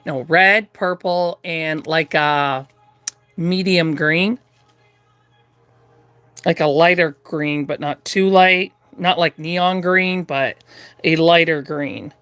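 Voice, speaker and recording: A woman's voice: sits low, a bit bright, clear, resonant tone, no echo. A woman chatting through a live doll-painting tutorial from her craft room at home, rambling with lots of fillers and restarts. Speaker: reborn doll artist streaming live.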